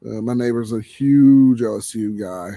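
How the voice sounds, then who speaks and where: A man's voice: medium pitch, moderate pace, gravelly, dark tone, dry recording. Laid-back man hosting a stream. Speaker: livestream host. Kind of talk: casual chat.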